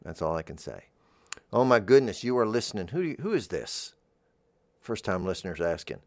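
A man hosting a freeform radio show from a studio, rambling gently in a musing monologue. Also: sits low, big pitch swings, moderate pace, no echo. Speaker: radio host.

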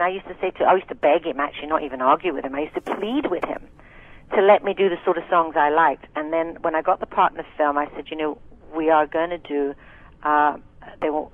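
A woman in her sixties from Scotland, a singer and actress telling frank, chatty stories with many asides in a casual interview. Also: low-pitched. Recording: tinny phone line, dry.

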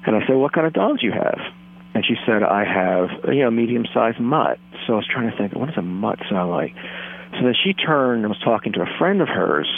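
Casting: earnest, rambling man in his thirties, slightly low voice, phone-line sound. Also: animated, fairly quick, gravelly, husky. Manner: earnest, self-deluded, rambling. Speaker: caller telling a story. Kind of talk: deadpan comic storytelling.

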